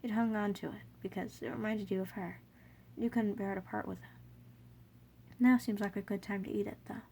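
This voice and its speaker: A woman reading a fan story aloud in second person, soft, earnest and gently emotional. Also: mid-range voice, fairly even intonation, normal speed, gravelly, husky. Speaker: fanfiction reader.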